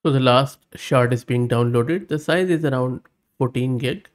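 Man walking through a software test. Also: medium pitch, moderate pace. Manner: thinks aloud while testing, reads prompts and outputs aloud; upbeat, plain-spoken verdicts. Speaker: tech channel host. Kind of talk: screen-recorded software tutorial.

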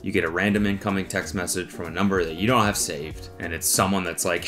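A man hosting comedic commentary, animated and exaggerated, swearing freely. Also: sits low, quick pace, few pauses, soft background music. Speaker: comedy host.

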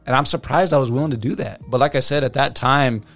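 A man's voice: mid-range voice, fast, creaky, soft background music. A man in his thirties, a tattoo artist guest, telling his story casually and acting out what people said. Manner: animated storyteller, acts out quotes, many fillers.

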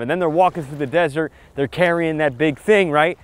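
A man talking straight to camera on a beach in a punchy, emphatic vlog style, pitching marketing advice in short, hyped lines. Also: fairly quick, smooth. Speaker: marketing vlogger. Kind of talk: casual vlog talk to camera. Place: outdoors on a beach.

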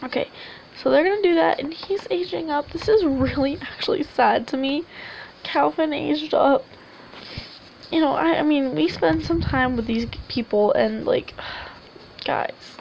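A woman's voice: high-pitched, measured pace, gravelly, darkish tone, slight background noise, low-quality recording. A woman giving casual, rambling commentary over her game and coaxing the characters aloud. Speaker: gameplay video host. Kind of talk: casual let's-play commentary.

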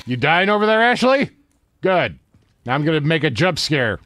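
Excitable man shouting at a game. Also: on the high side, moderate pace, slight background noise. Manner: animated, swearing, self-mocking. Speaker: let's play host. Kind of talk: casual gameplay commentary.

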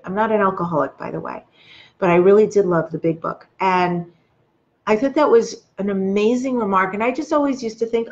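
A woman with a mid-range voice hosts a spiritual self-help video, speaking at a normal speed and earnestly coaching her viewers through their feelings. The lo-fi sound suggests it was recorded on a webcam or phone.

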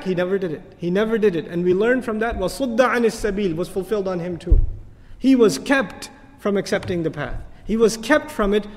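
A man giving an animated religious lecture as an Islamic teacher, telling stories and asking rhetorical questions. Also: high voice. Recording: long hall reverb.

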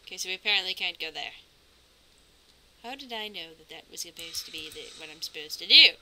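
Bright-voiced woman commentating a game. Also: fairly low pitch, animated, fairly quick, a little hiss or hum, poor audio. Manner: chatty, nervous reactions, self-narrating gameplay. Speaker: gamer commentating a playthrough. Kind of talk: let's play commentary.

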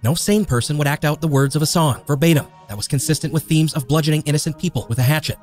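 A man's voice: fairly high pitch, quick pace, darkish tone. A man narrating a true crime story in a grave, scripted way. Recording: faint music underneath.

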